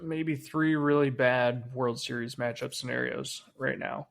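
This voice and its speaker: A man co-hosts a sports podcast in relaxed, casual chat. His middle-pitched voice carries a gravelly edge, and he swears freely and trails off with fillers as he talks. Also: unhurried. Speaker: podcast co-host.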